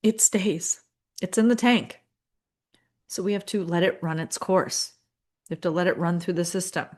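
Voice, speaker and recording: Low-voiced woman coaching school leaders. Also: moderate pace. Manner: conversational, acts out inner voices, lots of fillers.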